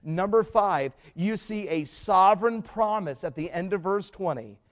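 A man preaching a sermon as pastor, swinging from hushed stretches to loud emphatic climbs. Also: high voice, lively intonation, measured pace.

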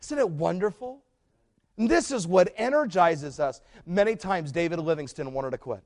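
High-voiced preaching man. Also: animated, moderate pace. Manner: preaching, swinging from hushed to loud emphatic climbs. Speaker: pastor. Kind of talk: sermon.

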